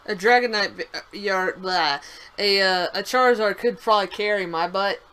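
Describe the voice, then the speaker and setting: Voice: medium pitch, moderate pace, sharp tone, clean tone, low-quality recording. A young adult co-host chatting casually on a game stream, giggly and a bit stumbling. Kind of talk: casual gameplay chat.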